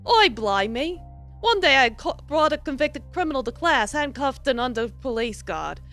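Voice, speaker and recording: A woman's voice: on the high side, sing-song, moderate pace, fairly bright tone, faint music behind. A woman doing a courtly old professor, mock British. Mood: reminiscing. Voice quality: put-on mock British accent. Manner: courtly, formal and long-winded. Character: polished older male criminology professor. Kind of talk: reading a visual novel aloud with voices.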